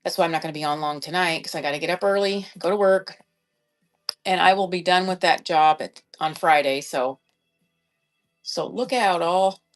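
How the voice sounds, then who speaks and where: Faint music plays behind a middle-aged woman with a lowish voice who talks at normal speed. Selling live on a shopping app as an online reseller, she chats casually and rambles, thinking out loud while checking sizes.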